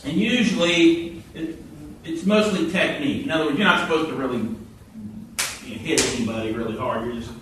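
A man preaching a sermon, telling stories with animated quoted voices, heard from a distance in a church hall. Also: on the high side, moderate pace, slight background noise. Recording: echoey hall from far off.

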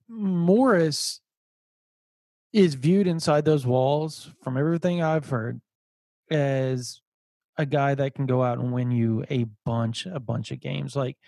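A man's voice: mid-range voice, gravelly, a little mellow, no echo. A man hosting a casual sports podcast, chatty and often repeating words as he laughs his way through a point. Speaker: podcast host.

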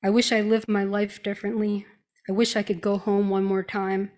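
A woman's voice: mid-range voice, flat delivery, moderate pace, darkish tone. A woman performing a spoken-word piece at a live reading, reciting plaintive, repeated complaints in a patient's voice. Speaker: reader at a live reading event.

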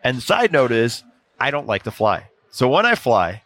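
A man guest on a casual sports podcast, telling animated anecdotes and often restarting his sentences. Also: medium pitch, normal speed. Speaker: podcast guest, former NBA video coordinator. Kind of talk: casual storytelling chat.

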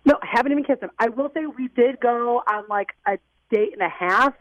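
A woman's voice: on the high side, brisk, no room sound, highs cut off. A young woman calling in to a radio advice show, flustered and rambling, saying "like" a lot. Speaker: caller. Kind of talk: call-in radio chat.

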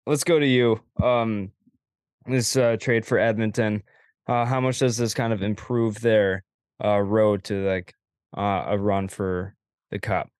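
Low-voiced podcast host, dry sound. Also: male voice, measured pace, clear, resonant tone, no echo. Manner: relaxed, agreeable, laughs often, hands off questions. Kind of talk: casual sports talk.

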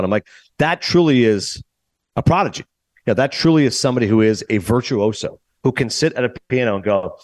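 A lowish-voiced man talks fast as he hosts a podcast and casually reviews a movie. Animated throughout, he acts out lines from the characters, and there's no echo.

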